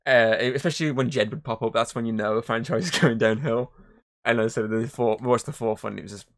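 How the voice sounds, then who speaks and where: A man's voice: medium pitch, fairly quick. Rambling, swearing man. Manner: rambling, swears a lot, animated retelling. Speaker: podcast host. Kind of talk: casual movie review chat.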